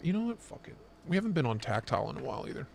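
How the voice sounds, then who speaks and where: A young man co-hosting a live stream, chatting casually and swearing as he jokes and gets excited. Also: medium pitch, racing, vocal fry, a little hiss or hum. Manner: excited, profane, joking. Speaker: knife show co-host.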